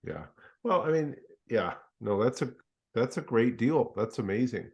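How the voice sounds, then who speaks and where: A man's voice: mid-range voice, expressive, measured pace, creaky, darkish tone, lo-fi sound. A man hosting a casual real estate interview, reacting supportively and asking follow-up questions. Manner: supportive, short affirming reactions. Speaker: podcast host, realtor.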